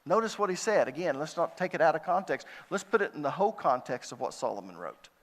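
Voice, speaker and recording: A man delivers a sermon as a pastor, his voice pitched a little high for a man. He reads verses with lifted emphasis and answers his own questions. The sound carries a long reverb from a large hall. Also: very animated, quick pace. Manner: preaching with rhetorical questions, rising emphasis on scripture readings.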